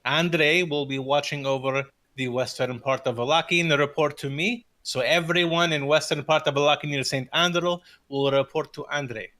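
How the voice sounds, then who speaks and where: A man's voice: mid-range voice, bright, forceful tone. Man narrating a tabletop game. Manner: casual, many fillers and restarts. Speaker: game master.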